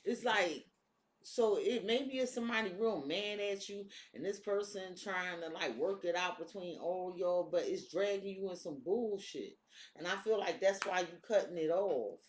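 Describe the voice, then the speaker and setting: A woman reads tarot in a casual, no-nonsense way, swearing liberally and sounding streetwise. Her voice is medium-pitched at a normal speed, and the recording has an echoey room sound.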